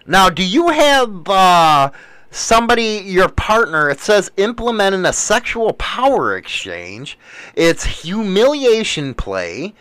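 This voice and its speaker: A man's voice: high-pitched, fairly bright tone, dry recording, rough recording. An older man hosting a show, delivering a blunt, crude, ranting monologue in casual talk.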